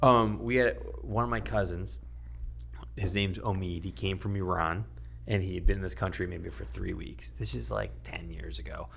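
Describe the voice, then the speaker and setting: Gravelly-voiced comedian telling a story. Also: male voice, sits low, steady tone, normal speed, a bit bright, a little hiss or hum. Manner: rambling storyteller, laughs through his telling. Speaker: stand-up comedian guest. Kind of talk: casual podcast chat.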